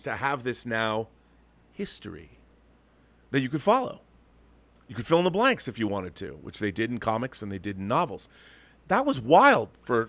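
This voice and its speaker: A man's voice: medium pitch, a bit bright, no echo. A man hosting his own show, giving an emphatic, opinionated monologue with frequent restarts and repeated words. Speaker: show host.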